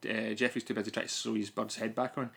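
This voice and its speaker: A man co-hosting a podcast, chatting casually about a film in a rambling, animated way. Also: fairly low pitch, fast talker, gravelly, husky. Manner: rambling, animated, lots of restarts. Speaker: podcast co-host. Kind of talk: casual film review chat.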